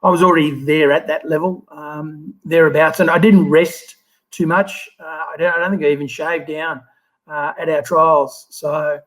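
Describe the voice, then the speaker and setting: A man's voice: a little high, normal speed, rough recording. Australian man in his fifties, rambling. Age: 50s. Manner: relaxed, rambling, frequent fillers and restarts. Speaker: guest, former Olympic swimmer. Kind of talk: casual interview storytelling.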